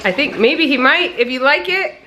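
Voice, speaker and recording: A woman's voice: high-pitched, lively intonation, normal speed, bright, forceful tone, slight background noise. A woman in her thirties from Nebraska, chatting casually to camera in a family vlog and laughing often. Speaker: vlogger, mother.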